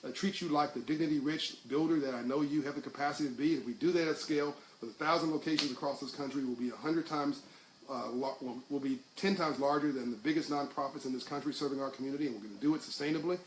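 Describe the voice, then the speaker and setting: A man's voice: a little high, quick pace. A middle-aged man talking casually to livestream viewers, reading their comments, rambling with restarts before he builds to fervent speech. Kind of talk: casual live talk to viewers. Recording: echoey room with faint hiss.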